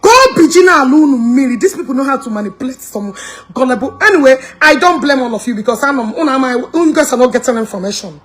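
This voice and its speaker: Fast, expressive, and high-pitched, this woman speaks with a Nigerian Igbo accent. As a social media commentator, she mocks heatedly in a blend of English and Igbo, breaking into scornful laughter.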